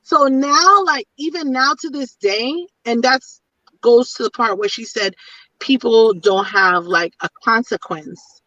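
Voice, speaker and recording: A middle-aged woman talks bluntly in a casual chat and hammers her points home by repeating them. Her voice sits high. The sound is dry, dull and lo-fi, picked up from some way off the mic. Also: measured pace, bright, forceful tone, no echo. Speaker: panelist in a women's chat. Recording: distant, dull lo-fi audio.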